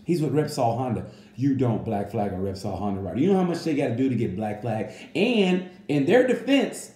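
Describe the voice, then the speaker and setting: A man giving a casual, rambling comedic monologue that reviews a motorcycle race, full of animated asides. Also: mid-range voice, a little fast, roomy sound.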